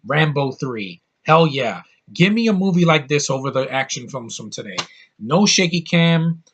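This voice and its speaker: A man's voice: on the high side, expressive, normal speed, highs cut off, slight background noise. A man in his thirties talking through a DVD haul in a casual vlog, blunt and opinionated, rambling with crude outbursts. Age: 30s. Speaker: YouTube reviewer.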